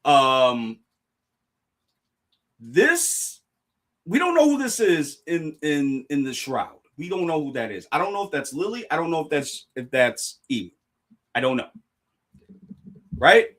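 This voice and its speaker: Excitable man with a lively high voice. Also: measured pace, long pauses. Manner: excitable, restarts and apologizes, addresses chat. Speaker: streamer reacting to a manga chapter. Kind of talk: live reaction stream chat.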